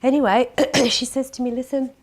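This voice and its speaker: A slightly low-voiced woman tells her own story as a podcast guest. She acts out the people she quotes, and at the hardest parts her voice drops to a near-whisper. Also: a little fast. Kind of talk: personal storytelling interview.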